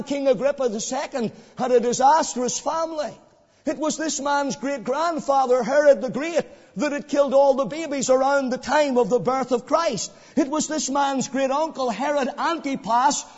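A high-pitched male evangelist preaches an evangelistic sermon, asking the listener pleading, repetitive rhetorical questions. He swings between hushed pleading and loud, ringing emphasis, captured in a muffled recording with long hall reverb.

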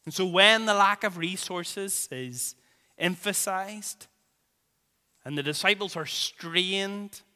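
Slow, bright-voiced preacher in a reverberant hall. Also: male voice, fairly high pitch, smooth. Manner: dramatic preaching, swells and drops in volume, repeats phrases for emphasis. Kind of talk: sermon.

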